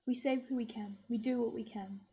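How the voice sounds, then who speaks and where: Woman speaking soft and hesitant. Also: on the high side, fairly even intonation, brisk, slight background noise. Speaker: player. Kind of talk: in-character roleplay.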